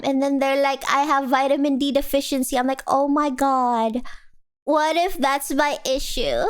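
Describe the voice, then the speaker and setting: A woman's voice: high-pitched, animated, a little slow. A young woman streamer chatting casually with her viewers, reading their messages aloud, giggling often and rambling between topics. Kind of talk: casual chat with live viewers.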